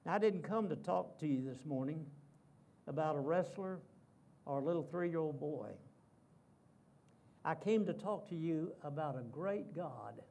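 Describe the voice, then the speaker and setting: A man's voice: a little high, lively intonation, unhurried, creaky, long pauses, a little mellow. A man giving a sermon as a guest preacher in a church, telling a story dramatically and repeating key phrases.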